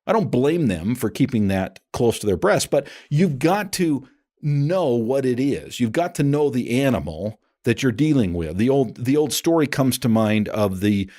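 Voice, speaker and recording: Man hosting a coaching podcast, lively pitch, chatty, restarts a lot. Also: normal speed. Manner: animated, chatty, many restarts. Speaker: podcast host and appraisal coach. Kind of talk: casual instructional podcast talk.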